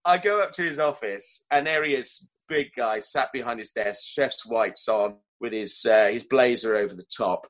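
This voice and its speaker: A man, a chef telling stories from his career in a relaxed interview, self-deprecating and often laughing at himself. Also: medium pitch, normal speed, few pauses, poor audio. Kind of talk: relaxed storytelling in conversation.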